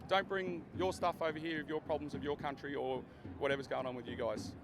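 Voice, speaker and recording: A blunt Australian man with a slightly high voice answers questions quickly and plainly at a street rally. Faint city noise sits behind his voice. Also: steady tone. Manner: blunt and plain-spoken, says mate. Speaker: rally participant. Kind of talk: street interview.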